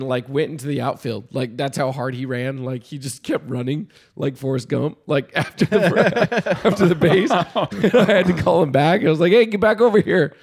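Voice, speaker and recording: Man, casual storyteller, gravelly slightly high voice, lively and quick to laugh. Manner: animated, laughs often, loud when reenacting yelling. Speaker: youth baseball coach telling a story.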